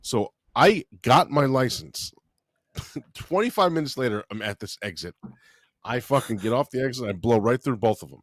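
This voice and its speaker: A man, co-hosting a comedy podcast and telling a story in an animated way, swearing freely. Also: medium pitch, moderate pace, dry recording. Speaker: podcast co-host.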